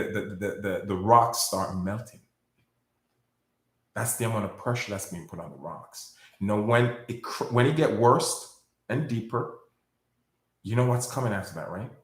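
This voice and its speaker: A man's voice: fairly low pitch, roomy sound. A man hosting his own video, talking in a rambling monologue to viewers, often repeating words and berating his critics. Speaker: video host. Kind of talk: casual monologue to camera.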